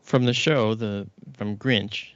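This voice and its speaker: A man's voice: lowish voice, fairly even intonation, takes it slowly, dry recording, dull audio. A man co-hosting a live stream, chatting casually and laughing along.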